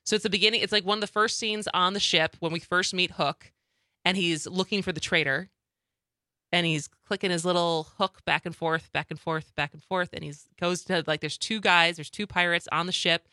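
A woman's voice: on the low side, no echo. A woman hosting a casual radio show, chatting with co-hosts and laughing often. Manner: giggly, animated, quick to laugh. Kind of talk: casual studio chat.

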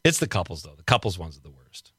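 A male radio host with a bright, forceful voice, talking casually and cracking jokes. His voice is recorded close and dry, with no room sound around it. He laughs often as he riffs on small complaints. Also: low voice, sing-song, quick pace, slightly rough, no room sound. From Wisconsin. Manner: chatty, joking, laughs often. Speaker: radio talk show host.

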